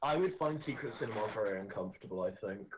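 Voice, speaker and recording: A man co-hosting a live chat show, delivering absurd jokes deadpan. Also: on the low side, fast talker, muffled recording, slight background noise. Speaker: co-host. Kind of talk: casual chat.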